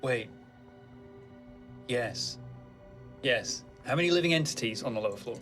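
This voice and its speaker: A man playing a tabletop game, chatting with animated laughter and frequent restarts. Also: mid-range voice, measured pace, faint music behind. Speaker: player. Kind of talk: casual chat at a tabletop game.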